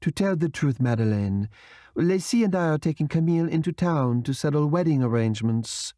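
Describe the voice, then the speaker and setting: A man voicing a tactful, gently evasive woman in an audiobook. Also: a little high, lively intonation, fairly quick, no room sound, clean studio sound, pitched above the performer's own voice, natural voice. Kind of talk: audiobook character reading.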